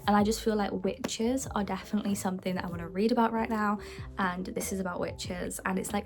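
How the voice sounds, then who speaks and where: A young woman chatting casually about her books, excitable, with the odd hushed aside. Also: medium pitch. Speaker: book vlogger. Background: faint background music.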